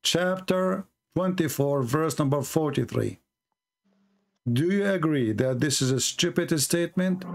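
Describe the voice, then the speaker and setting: Pushy, sarcastic man with a gravelly voice. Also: a little high, measured pace. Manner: pushy, sarcastic, repeats questions; non-native English grammar. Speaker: debate host. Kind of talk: confrontational debate call.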